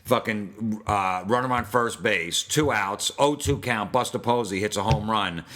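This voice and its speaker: A man rants in a casual podcast chat, cursing constantly. His voice sits low with a bright, forceful edge. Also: a little slow. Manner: crude, ranting, profane. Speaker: podcast host.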